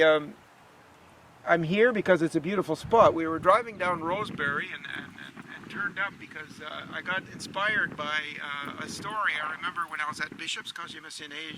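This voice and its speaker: Soft-spoken man outdoors. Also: fairly high pitch, noisy background. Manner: soft, halting, switching between French and English. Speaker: comedian. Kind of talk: casual talk to camera. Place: outdoors in a cemetery.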